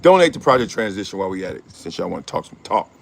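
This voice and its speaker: A man's voice: deep voice, big pitch swings, racing, vocal fry. A middle-aged man hosting his own show, riffing in slangy casual commentary, laughing often and acting out quotes. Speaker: show host.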